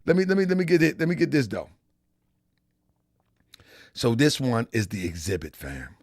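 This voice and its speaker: A man's voice: medium pitch, wildly swooping pitch, moderate pace, darkish tone, dry recording, clean studio sound. A man hosting a live stream in a casual, repetitive style, talking straight to his chat. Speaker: live-stream show host.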